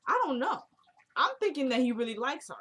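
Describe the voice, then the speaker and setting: A woman's voice: high voice, brisk, slightly rough. A young woman, chatting casually as she recaps a TV drama and acts out the characters' lines. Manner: animated retelling, acts out characters' lines with voice shifts. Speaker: TV recap vlogger.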